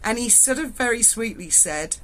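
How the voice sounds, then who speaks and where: A woman's voice: on the high side, expressive, moderate pace, a bit bright. A woman, telling a frank, salty story to her viewers from indoors at home. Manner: chatty, frank and salty, with swearing. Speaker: vlogger.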